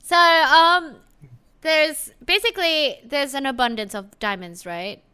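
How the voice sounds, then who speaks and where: High bright woman cohosting a podcast, swears a lot, laid back chatter. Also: unhurried. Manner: loose and profane, lots of fillers and laughter. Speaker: podcast co-host. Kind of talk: casual chat.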